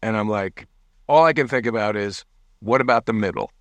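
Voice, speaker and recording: Animated storytelling man, dry sound. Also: fairly low pitch, fairly quick, dry recording. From United States. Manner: animated storyteller, acts out quotes, laughs often. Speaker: guest musician. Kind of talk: casual storytelling interview.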